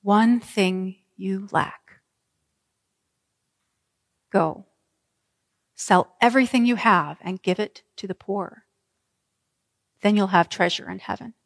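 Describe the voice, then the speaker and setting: A woman voicing a soft, sorrowful teacher. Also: medium pitch. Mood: tender. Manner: quiet, slow, tender. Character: gentle, sorrowful male teacher figure. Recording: reverberant church hall.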